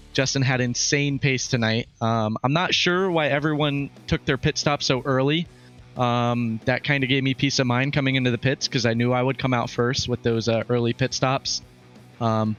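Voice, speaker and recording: A man's voice: medium pitch, a bit bright. A man still catching his breath after a race, talking in stops and restarts. His audio is a little dull, with faint music behind. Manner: halting, with many fillers and restarts. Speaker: winning driver. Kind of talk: post-race interview.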